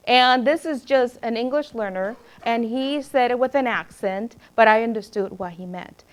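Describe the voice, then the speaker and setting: Brief: woman in a teacher workshop, fairly high voice, animated storyteller. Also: moderate pace. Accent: Spanish. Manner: animated storyteller, acts out quotes. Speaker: former principal, literacy presenter. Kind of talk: professional development talk.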